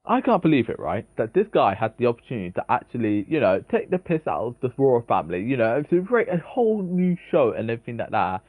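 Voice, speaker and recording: A man's voice: medium pitch, huge pitch swings, fast talker, few pauses, dry recording, phone-quality sound. A young man co-hosting a casual podcast, easygoing and agreeable, laughing often. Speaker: podcast co-host.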